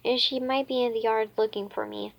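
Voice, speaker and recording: A woman's voice: fairly high pitch, steady tone, creaky, muffled recording. A woman voicing a polite, mischievous girl. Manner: halting, with restarts.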